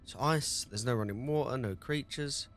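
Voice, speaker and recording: A man's voice: mid-range voice, moderate pace. A man giving casual commentary while playing a game, reading dialogue and talking through his moves. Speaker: gaming video creator.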